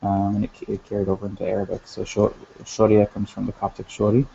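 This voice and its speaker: A man with a low, gravelly voice explains grammar in a recorded lesson. He talks in a flat, halting way, full of fillers and restarts, and the sound is dull and lo-fi. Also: slight background noise. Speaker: language teacher.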